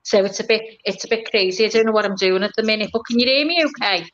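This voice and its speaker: A woman's voice: medium pitch, fast. A chatty, self-deprecating woman with an English accent, joining a casual livestream chat by phone from her kitchen. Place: home kitchen. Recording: muffled lo-fi phone audio.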